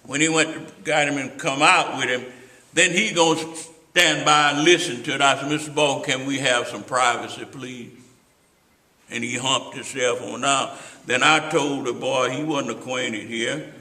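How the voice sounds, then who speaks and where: A man's voice: mid-range voice, fairly even intonation, normal speed, bright, forceful tone. An older man, telling rambling stories with asides to his listener in an oral history interview. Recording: roomy echo.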